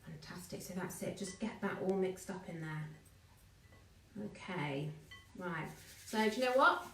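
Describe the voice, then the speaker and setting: A woman's voice: lowish voice, lively intonation, unhurried, gravelly, a bit bright, a little hiss or hum. A woman running a live online baking class, chatting and greeting viewers by name as she mixes. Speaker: baking teacher. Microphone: phone. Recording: echoey room, distant mic.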